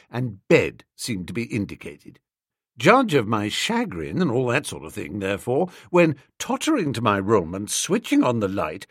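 Expressive male audiobook narrator. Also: fairly high pitch, no room sound, studio quality. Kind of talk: scripted narration.

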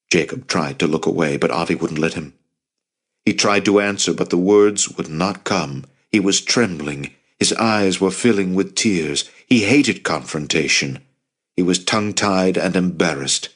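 This is scripted audiobook narration by a man with a low voice, delivered in a steady, measured reading style.

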